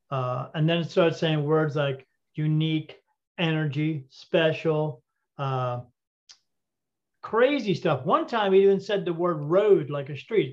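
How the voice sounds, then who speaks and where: Man, high voice, animated storyteller, acts out dialogue, dull lo-fi recording. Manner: animated, re-enacts dialogue, many fillers. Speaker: interview guest, intuitive reader. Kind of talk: casual storytelling in an interview. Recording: dull lo-fi audio.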